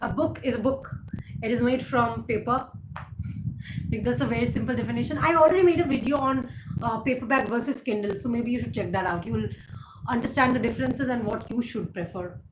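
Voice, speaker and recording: A woman's voice: fairly high pitch, fairly quick. A woman, hosting a casual live chat and answering viewer comments, full of fillers and easy laughs. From India. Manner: chatty, frequent fillers, laughs easily. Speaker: livestream host. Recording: echoey room with background noise.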